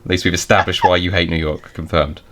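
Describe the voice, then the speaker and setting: A man's voice: sits low, little pitch movement, fast talker, music in the background. A man hosting a podcast, chatting casually and teasing his guest. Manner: teasing, joking, laughs often. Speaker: podcast host.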